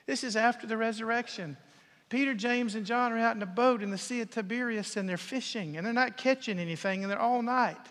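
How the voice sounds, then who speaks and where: A man preaching a sermon as a pastor in a church, swinging between loud declarations and hushed whispers. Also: very high-pitched, a little fast. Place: church sanctuary. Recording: long reverb of a large hall.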